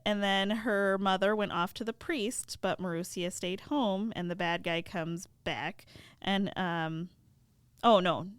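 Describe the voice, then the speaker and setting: A woman podcast co-host retelling a fairy tale casually, with animated, laughing asides. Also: medium pitch, takes it slowly, smooth, no echo.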